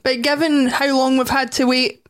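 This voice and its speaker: A woman hosts a podcast in a high, bright voice. She keeps things brisk as she brings her guests in one by one, and the delivery is conversational. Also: little pitch movement. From Scotland. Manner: brisk, hands the talk to her guests in turn. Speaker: podcast host. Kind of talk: hosting casual chat.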